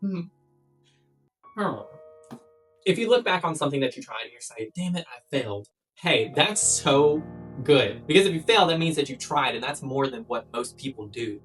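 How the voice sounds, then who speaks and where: A woman's voice: extremely low pitch, lively intonation, moderate pace. A young woman vlogging life tips in a blunt, playful way, swearing often. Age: young adult. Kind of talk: casual chat to camera. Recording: distant mic with background music.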